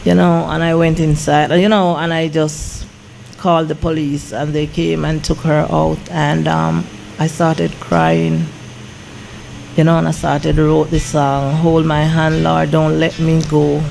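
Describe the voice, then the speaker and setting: A woman's voice: low voice, unhurried, gravelly, slight background noise. A woman, a gospel singer and songwriter telling an emotional story as an interview guest, with lots of "I said" retellings. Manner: animated, repeats "I said" when retelling.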